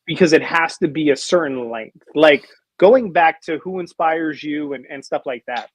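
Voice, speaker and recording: A man's voice: on the high side, moderate pace, no echo. A man in casual podcast chat, blunt and brash, swearing freely as he makes his points.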